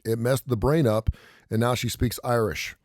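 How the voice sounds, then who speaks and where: A man's voice: medium pitch, steady tone, darkish tone, dry recording, studio quality. A man co-hosting a radio show in casual chat, rambling and joking. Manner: quick, rambling, jokey. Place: radio studio.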